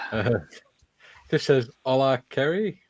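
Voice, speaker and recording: Lively man hosting a chat. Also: medium pitch, slow pace, no echo. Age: older. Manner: reads viewer comments aloud with chuckles. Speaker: host. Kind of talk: casual live-stream chat.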